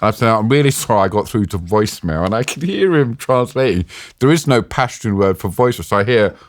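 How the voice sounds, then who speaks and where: A middle-aged British man tells his story as a podcast guest in a low voice, recorded close and dry. He talks vividly, stops and restarts his sentences, and acts out what other people said. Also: animated, quick pace, no echo. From Britain. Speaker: podcast guest, war journalist. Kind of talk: casual storytelling interview.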